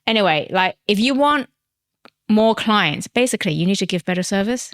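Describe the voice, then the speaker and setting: A woman's voice: mid-range voice, lively intonation, moderate pace, dry recording. A woman from Hong Kong with an English accent, co-hosting a podcast in casual chat, blunt and exasperated, swearing freely. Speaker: podcast co-host.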